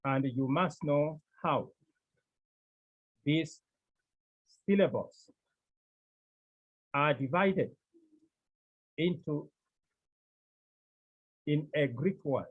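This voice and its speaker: A man teaching a class, speaking slowly and repeating key terms as he explains step by step. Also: a little high, slightly rough, narrow, tinny audio. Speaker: Greek teacher. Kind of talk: classroom lesson.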